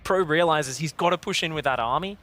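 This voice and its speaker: Aussie guy doing esports desk analysis, bright voice, explains the replay step by step. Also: on the high side, a little fast, soft background music. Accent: Australian. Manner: explanatory, walks through replay.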